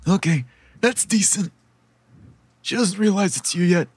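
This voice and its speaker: A man narrating as game master in a relaxed, chatty, laid-back way. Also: high-pitched, a little slow, husky, dry recording.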